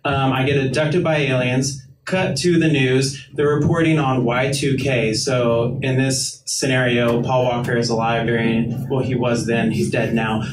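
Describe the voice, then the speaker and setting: A man's voice: mid-range voice, steady tone, measured pace, hardly any pauses. A man being interviewed onstage as a guest artist, talking casually. He rambles in a laid-back way and fills his speech with filler words. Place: live event venue. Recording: roomy, distant mic, ambient noise.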